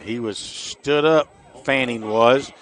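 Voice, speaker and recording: A middle-aged man giving chatty, folksy color commentary on a high school football game for radio. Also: slow. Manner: folksy, chatty, jokey asides.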